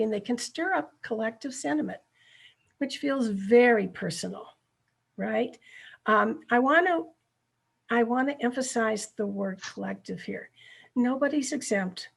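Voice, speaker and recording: A woman's voice: on the high side, normal speed, vocal fry, slightly rough. A middle-aged woman presenting a ministry workshop over a video call, speaking earnestly and checking in with her listeners.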